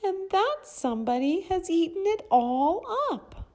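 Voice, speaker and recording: A woman voicing a tiny baby bear boy in a high, squeaky little voice for a storybook reading. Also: expressive, a little slow, a little mellow. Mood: whiny, tattling.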